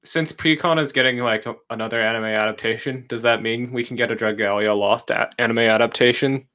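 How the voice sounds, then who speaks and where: Man, co-host, bright forceful mid voice, playful interjections. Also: medium pitch, steady tone, brisk. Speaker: podcast co-host. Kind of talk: casual chat.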